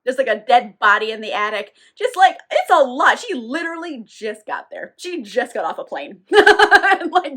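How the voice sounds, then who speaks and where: A woman with a high, bright voice who recaps a novel casually. She swears freely, laughs often and keeps her delivery animated. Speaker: book reviewer. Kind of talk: casual book recap vlog.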